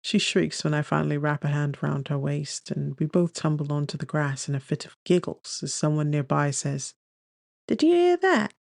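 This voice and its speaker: Male narrator, first-person romance audiobook, gentle storytelling, gravelly, dry close mic. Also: a little high, little pitch movement, normal speed, few pauses, no echo.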